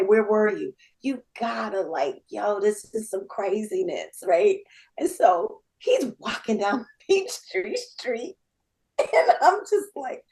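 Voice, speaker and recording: A woman in her fifties, a podcast guest, telling a story in a lively, laughing way and acting out the dialogue. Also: fairly high pitch, slow, poor audio. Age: 50s. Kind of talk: casual storytelling.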